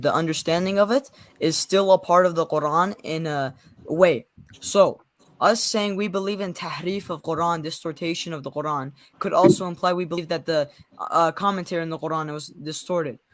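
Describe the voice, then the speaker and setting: Young guy on the defensive, stumbles a lot, dry close sound, slightly high voice. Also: moderate pace, a bit bright, no echo. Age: young adult. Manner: defensive, hesitant, stumbling restarts. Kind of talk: heated debate.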